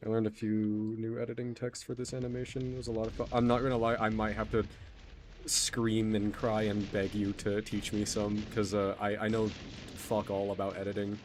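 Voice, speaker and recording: Rambling young man from Texas, low voice. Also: level tone, a little hiss or hum. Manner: rambling, self-deprecating, quick to apologize. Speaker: streamer. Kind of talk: casual gaming stream chat.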